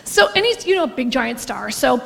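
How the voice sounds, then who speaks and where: A woman's voice: sits high, sing-song, a little fast, gravelly, long reverb tail. A woman telling a brash, swearing stand-up story and laughing as she goes. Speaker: stand-up comedian.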